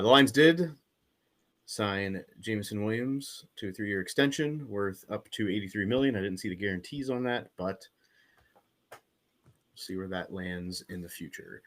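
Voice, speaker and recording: A man's voice: fairly low pitch, moderate pace, a bit bright. A man co-hosting a sports podcast, recapping games in casual chat with an announcer-like lilt. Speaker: podcast co-host.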